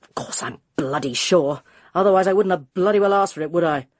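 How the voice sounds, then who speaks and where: A drunk, surly middle-aged man who swears at the barman, as a woman reader puts him on. His voice is husky and sits low in her range. The recording is dry. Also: a little fast, dry recording, close to an everyday voice.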